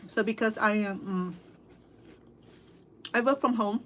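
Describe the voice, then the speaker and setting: Chatty Cambodian woman with halting speech. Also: mid-range voice, a bit bright, a little hiss or hum. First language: Khmer. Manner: chatty, halting, with frequent fillers and restarts. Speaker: cooking vlogger and interpreter. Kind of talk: casual livestream chat while eating. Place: at home at a dinner table.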